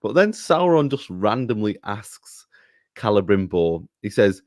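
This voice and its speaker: A man's voice: lowish voice, sing-song, a little slow, a little mellow, no room sound, clean studio sound. A man in a casual review chat, critical and exasperated. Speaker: co-host reviewer.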